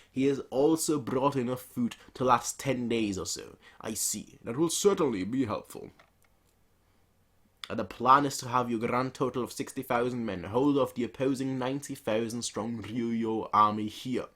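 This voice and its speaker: A man's voice: medium pitch, moderate pace, fairly bright tone. A man hosting a manga reaction, reading the pages aloud with casual, playful asides.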